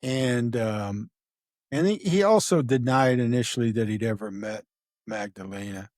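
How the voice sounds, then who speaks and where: A man's voice: mid-range voice, measured pace, a little mellow, dry recording, studio quality. Rambling middle-aged man telling a story. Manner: rambling, acts out quoted dialogue, many fillers. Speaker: retired homicide detective, guest. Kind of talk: casual true-crime storytelling.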